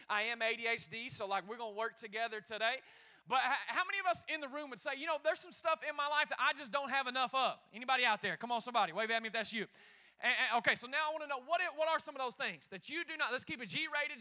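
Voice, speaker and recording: A man preaching a lively interactive sermon, calling out to the congregation and talking quickly and chattily. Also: very high-pitched. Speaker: pastor. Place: church sanctuary.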